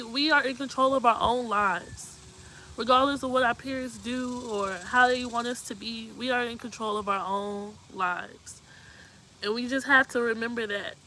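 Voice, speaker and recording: A woman's voice: high voice, a bit bright, a little hiss or hum, low-quality recording. A woman hosting a live talk show, speaking earnestly and emotionally as she gives heartfelt advice and keeps asking if you know what she means. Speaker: host.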